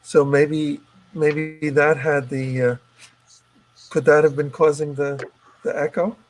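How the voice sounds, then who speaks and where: A man's voice: fairly high pitch, little pitch movement, slow, rough recording. Hesitant man checking audio on a call. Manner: hesitant, many restarts and fillers. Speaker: host running the broadcast. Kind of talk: casual video-call tech check.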